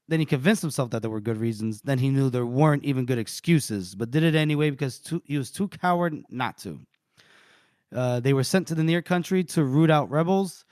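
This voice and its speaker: A man's voice: a little high, no echo, clean studio sound. A man co-hosting a podcast who recaps a novel in casual talk, reading out and acting the quotes with relish. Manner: animated retelling, reading out and voicing quotes. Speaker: podcast co-host. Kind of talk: casual book-recap chat.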